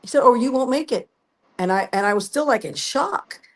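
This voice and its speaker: A woman's voice: on the high side, animated, a little fast. A woman guest telling her story in a casual interview, acting out both sides of the conversations. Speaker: guest singer.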